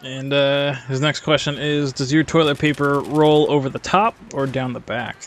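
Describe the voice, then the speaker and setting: A man's voice: mid-range voice, fairly even intonation, moderate pace, a little hiss or hum. A man hosting a casual gaming-clan Q&A, reading out questions in an easy, amused manner. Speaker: interviewer reading viewer questions. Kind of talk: casual chat.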